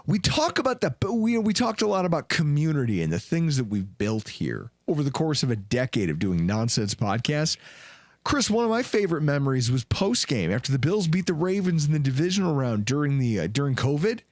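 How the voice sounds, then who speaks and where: A man hosting a sports podcast, talking casually and telling animated stories. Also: brisk, no echo, clean studio sound. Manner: animated, loud storytelling with big pitch swings. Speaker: podcast host.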